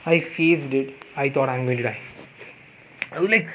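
A man's voice: medium pitch, normal speed, pauses often, a bit bright, slight background noise, low-quality recording. A young man with an Indian English accent, telling a casual story with many fillers, restarts and repeated words. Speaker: podcast host.

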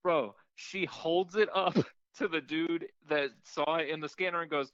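A man co-hosting a podcast, telling an animated story in casual chat, swearing often and acting out the people he met. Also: a little high, unhurried, smooth, no echo, lo-fi sound. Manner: animated storyteller, swears a lot, acts out voices. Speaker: podcast co-host.

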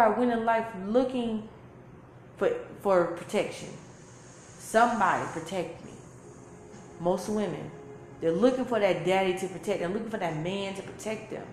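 A woman's voice: mid-range voice, moderate pace, long pauses, a little mellow, slight background noise. Emphatic woman preaching in an echoey room. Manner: preachy, emphatic, repetitive phrasing. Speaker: spiritual teacher. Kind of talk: spiritual talk. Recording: echoey room with faint music.

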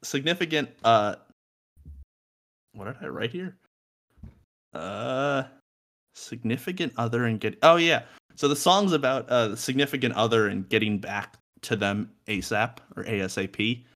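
A man's voice: mid-range voice, unhurried, a bit bright. A young man co-hosting a casual music podcast from a room at home, joking, swearing and laughing often. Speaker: podcast co-host.

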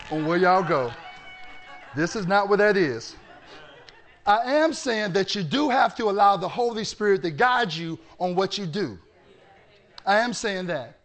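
A male pastor preaching a sermon with animated storytelling that bursts into shouting. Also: high voice.

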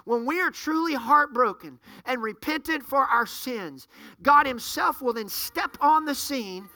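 A man's voice: very high-pitched, expressive, a little slow, pushed and bright, dry recording. A man preaching a sermon, fervent and full of rhetorical questions to the congregation.

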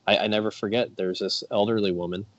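A man talking as a guest on a casual podcast in a measured, matter-of-fact way. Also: lowish voice, steady tone, muffled recording. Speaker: podcast guest, performance shop owner.

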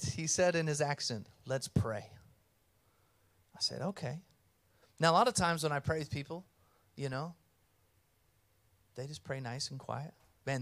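A man preaching a sermon as pastor, conversational and earnest, telling stories and reading scripture. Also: a little high.

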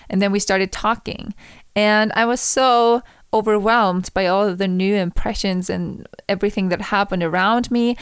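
A young woman from Austria, a native German speaker, hosting a solo podcast in a reflective, gently chatty way. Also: medium pitch, smooth, no echo, clean studio sound. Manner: reflective, gently chatty, laughs between thoughts. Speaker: podcast host.

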